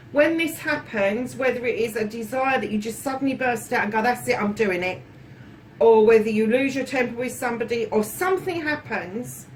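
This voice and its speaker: A fairly high-voiced woman chats her way through a tarot reading, affectionate and loose-tongued, with swearing dropped in freely. She sits a little back from the mic, and faint room noise lies under her voice. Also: distant mic, rough recording. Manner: chatty and affectionate, swearing freely, calls viewers darlings. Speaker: tarot reader.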